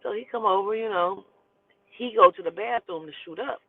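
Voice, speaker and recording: In a slightly rough, mid-range voice at a moderate pace, a woman in her forties who hosts storytelling recounts her own experience casually, with blunt, emphatic delivery and plenty of profanity. The audio is tinny like a phone and entirely dry, without any room echo.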